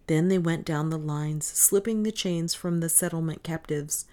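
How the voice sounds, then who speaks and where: A woman narrating an adventure novel in a steady, measured reading. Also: sits low. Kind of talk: audiobook narration.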